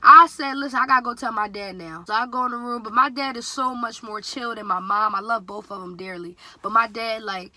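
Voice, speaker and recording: A young woman in her twenties telling a casual storytime vlog, chatty and animated, slipping into a higher voice when quoting her dad. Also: brisk, hardly any pauses, dry recording. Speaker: vlogger.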